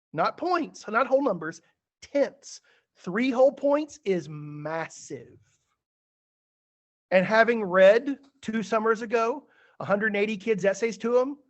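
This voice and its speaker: A male teacher with a fairly high, bright voice talks students through feedback on a video call, chatty and a touch theatrical. The audio sounds a little dull and muffled, like a typical online meeting. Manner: chatty, animated, a bit theatrical. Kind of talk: online class feedback session.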